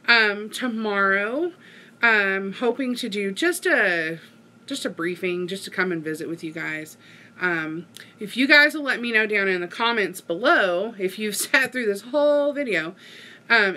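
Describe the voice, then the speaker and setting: A woman's voice: medium pitch, sharp tone. A middle-aged woman, chatting casually to her viewers and rambling through a story with lots of fillers. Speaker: vlogger.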